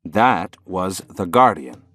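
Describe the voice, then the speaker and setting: A man reading the lines of a male sorcerer teacher in an audiobook, matter-of-fact and gently mocking. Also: low-pitched, lively intonation, takes it slowly, soft background music, heavily acted. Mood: calm.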